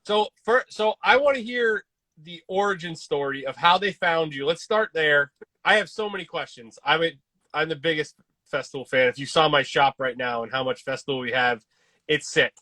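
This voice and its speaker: Young male host from Kansas, slightly high and bright voice, dry close sound, eager and keen. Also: moderate pace, no echo. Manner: eager, enthusiastic. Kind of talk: casual interview chat.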